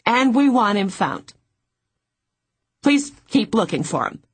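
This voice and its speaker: A woman's voice: a little high, very animated, slow, slightly rough, pitched above the performer's own voice, full character voice. A woman voicing a whiny, self-absorbed middle-aged woman client who complains and huffs in an audiobook. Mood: tight. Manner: whiny, huffy.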